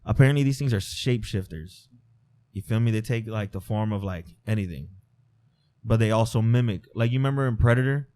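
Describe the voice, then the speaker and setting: A man's voice: fairly low pitch, brisk, warm tone. A man co-hosting a podcast, talking in a slangy, laid-back casual chat. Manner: slangy, laid-back, says bro a lot.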